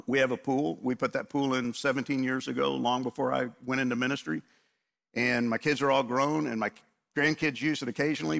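A man's voice: medium pitch, gravelly, bright, forceful tone. A man in his fifties, a pastor preaching a sermon, earnest and asking the congregation rhetorical questions.

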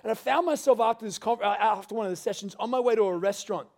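A male pastor delivers a sermon with a high-pitched voice. He moves between earnest exhortation and relaxed, conversational storytelling. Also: fast.

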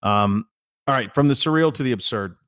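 A man's voice: mid-range voice, expressive, fairly quick, a bit bright, no echo, clean studio sound. A middle-aged man co-hosting a podcast in casual chat, a rambling storyteller who often restarts his sentences. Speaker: podcast co-host.

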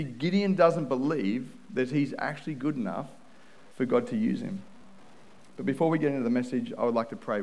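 A man preaching a sermon as pastor, telling a personal story in an earnest way with quick restarts. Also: medium pitch, creaky, a little mellow, poor audio.

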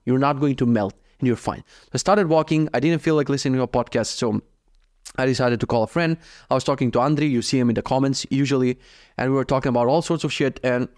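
A young man from Croatia rattles through his day at a quick clip, swearing freely. He acts out both sides of every conversation in an animated podcast monologue, with his voice sitting at an ordinary middle pitch. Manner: profane, animated, acts out his own dialogue. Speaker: podcast host. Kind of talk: casual storytelling monologue.

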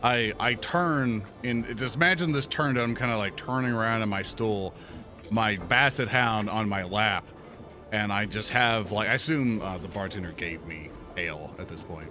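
A man playing a tabletop game, joking casually with halting restarts. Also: lowish voice, over music. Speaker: player.

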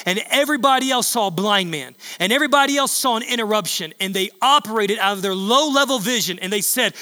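A male pastor preaching a sermon in a large church hall, emphatic and repetitive, building up to shouts. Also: high voice, quick pace, hardly any pauses.

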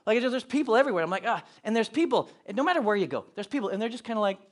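Animated high-voiced preacher man. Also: rapid-fire. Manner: animated, storytelling with acted-out asides. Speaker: pastor. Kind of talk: sermon.

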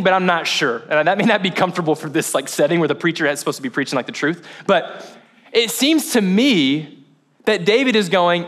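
A man's voice: high voice, animated, brisk, fairly bright tone. A male pastor giving a casual, chatty sermon at a church service, quizzing the congregation as he goes. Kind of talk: conversational sermon.

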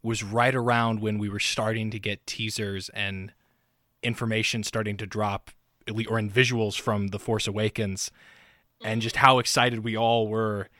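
A man interviewing a guest, reflective and halting with restarts. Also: fairly low pitch, level tone, pushed and bright, no room sound, studio quality. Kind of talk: casual interview.

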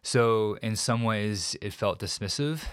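A man as an interview guest, recounting a painful personal story in a reflective, halting way with many restarts. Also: fairly low pitch, clear, resonant tone, dry recording, studio quality.

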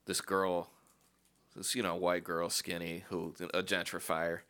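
A man with a very low voice that still rings bright tells a laid-back story on a podcast. His tone is smooth and clear, and he tosses in quick asides as he goes. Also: little pitch movement. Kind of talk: casual storytelling.

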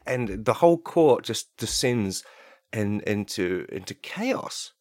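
A man's voice: lowish voice, expressive, takes it slowly, a little mellow, no room sound, studio quality. A man hosting a solo comedy podcast, rambling and joking and cutting himself off mid-word. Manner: rambling, self-interrupting, jokey. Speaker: podcast host.

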